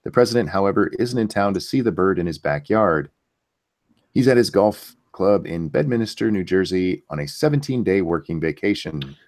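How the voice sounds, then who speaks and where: A man's voice: sits low, lively intonation, moderate pace, darkish tone. A man co-hosting a casual livestream, giving dry, mock-stern banter. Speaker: livestream co-host.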